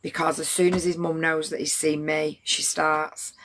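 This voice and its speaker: A woman's voice: low voice, little pitch movement, normal speed, fairly bright tone. A middle-aged woman, telling a story to her livestream chat in a blunt, rambling way with plenty of swearing.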